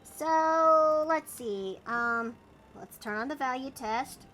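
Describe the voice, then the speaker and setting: Woman, art streamer, unhurried delivery, bright tone, casual running commentary. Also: sits high. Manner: chatty, self-narrating, playful. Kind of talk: casual chat while drawing.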